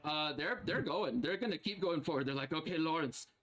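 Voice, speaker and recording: A man's voice: fairly high pitch, brisk, faint music behind. Chatty man narrating as game master. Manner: animated, laughs often, fills with "like" and "uh".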